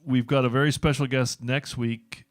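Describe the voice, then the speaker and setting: A man's voice: mid-range voice, flat delivery, moderate pace, no room sound, clean studio sound. Jokey sixty-year-old man hosting. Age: 60s. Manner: jokey, self-deprecating, chatty. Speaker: host. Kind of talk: casual chat.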